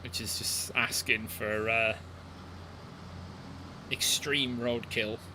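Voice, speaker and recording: A man's voice: mid-range voice, little pitch movement, slow, noisy background. A man chatting in rambling asides as he plays a game on a live stream. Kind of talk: live gameplay commentary.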